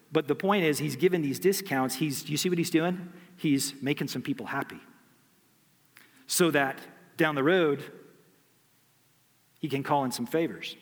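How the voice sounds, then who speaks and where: A male preacher walks his listeners through a story, pausing to ask them questions. His voice sits a bit high for a man. A long reverb trails each phrase. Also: fairly bright tone. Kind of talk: sermon.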